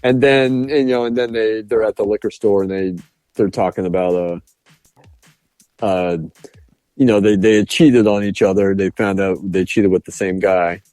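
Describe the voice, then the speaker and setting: A man's voice: lowish voice, fairly even intonation, normal speed, warm tone, no room sound, faint music behind. A man co-hosting a podcast, rambling through movie scenes in casual chat with lots of fillers. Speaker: podcast co-host. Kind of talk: casual film review chat.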